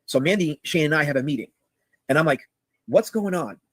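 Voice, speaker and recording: A man telling a rambling story as a guest on a call-in show, with a husky voice and lots of "you know" asides. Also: a little high, animated, fairly quick, a bit bright, dry recording, poor audio.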